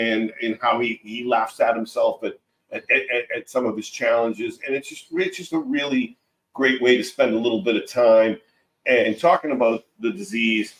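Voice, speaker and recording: A man guest talking casually, halting often with fillers and restarts. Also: mid-range voice, a bit bright. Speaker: guest, film producer. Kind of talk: casual podcast talk. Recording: roomy sound.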